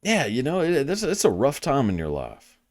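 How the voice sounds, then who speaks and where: With a medium pitch that swings hugely, a young man with a Southern US accent speaks at a normal speed in studio-quality audio with no echo. He's a podcast host rambling through a casual monologue, crude, self-mocking, and constantly swearing.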